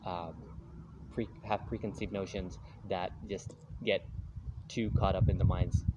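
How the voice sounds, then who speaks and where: A man's voice: sits low, level tone, unhurried, dull audio, background noise. A man vlogging, telling a rambling, casual story and slipping into voices for the people in it. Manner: rambling, breaks into quoted voices.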